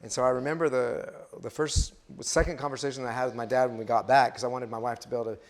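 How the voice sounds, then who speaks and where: A man in his fifties tells his own life story in a relaxed, halting way. He keeps restarting his sentences and fills the gaps with uh and um, like a missionary giving his testimony. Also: mid-range voice. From West Texas. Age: 50s. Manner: storytelling, many restarts and fillers. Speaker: missionary speaker. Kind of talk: personal testimony in a sermon.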